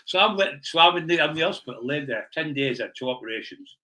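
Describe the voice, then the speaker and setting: A man as an interview guest, telling rough stories bluntly and swearing freely. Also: fairly high pitch, brisk, sharp tone, rough recording. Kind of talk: blunt storytelling in a casual interview.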